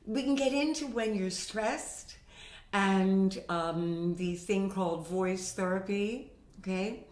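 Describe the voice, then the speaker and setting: Slow-talking woman voice teacher in a roomy room. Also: darkish tone. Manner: chatty, demonstrates pitch with her own voice. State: recovering from a sinus infection. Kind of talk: instructional video talk. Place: at home with her cat. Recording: roomy home recording.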